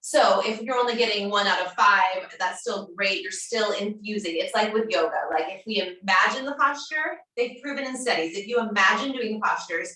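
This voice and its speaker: Calm yoga teacher in an echoey room. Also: female voice, medium pitch, normal speed, few pauses. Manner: calm, encouraging, gently chanting mantra syllables. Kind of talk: guided yoga class instruction. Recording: roomy echo, speaker far from mic.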